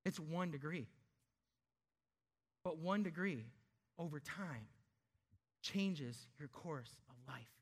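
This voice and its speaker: A pastor delivers an emphatic sermon, posing rhetorical questions and slowing down to stress key words. His voice is a little high and husky.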